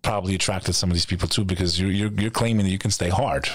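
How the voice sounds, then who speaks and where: A man's voice: low voice, fairly even intonation, fast talker, dry recording, studio quality. A man hosting a podcast interview, chiming in and finishing his guest's sentences. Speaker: podcast host. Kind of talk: casual interview.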